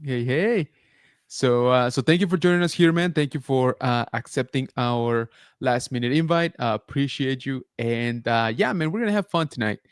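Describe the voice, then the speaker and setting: A man in a middle pitch hosts a relaxed livestream, rambling through stories and greeting viewers in the chat. His voice comes across close and dry, with no room sound. He keeps a loose, filler-heavy flow. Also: normal speed, smooth, dry recording. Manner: chatty, many fillers, reads chat aloud. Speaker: podcast host.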